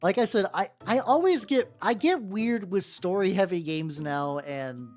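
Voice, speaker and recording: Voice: mid-range voice, animated, a little slow, darkish tone, soft background music. A streamer chatting casually while painting miniatures, rambling with lots of "like" fillers and restarts, answering chat as they go.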